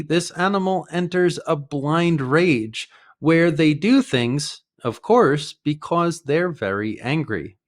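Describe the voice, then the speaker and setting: A man teaching an English idiom lesson, explaining each phrase slowly and carefully with example sentences. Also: on the high side.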